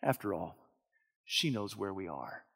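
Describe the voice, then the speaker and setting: Casting: a man acting out a laid-back, dismissive camp leader, high lively gravelly voice, hall reverb. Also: a little slow. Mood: lazy dismissive. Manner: cheerfully coaxing, then drawling and dismissive. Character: complacent man running a camp, easygoing, dismissive.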